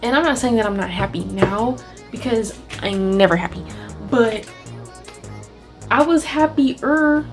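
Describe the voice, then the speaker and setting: A young woman with a fairly high voice chats loosely through an art vlog, leaning on "like" and dropping curses as she rants. Soft music plays underneath. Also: unhurried, long pauses. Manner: chatty, many "like" fillers, swears and rants with laughs. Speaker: artist vlogger. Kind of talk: casual vlog chat. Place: home art studio. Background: faint background music.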